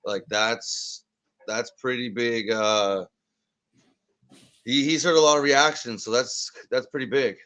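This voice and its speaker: A man's voice: medium pitch, steady tone, slow, pauses often, a bit bright. A man co-hosting a live wrestling watch party, chatting casually and laughing easily, often restarting his sentences. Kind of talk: casual chat.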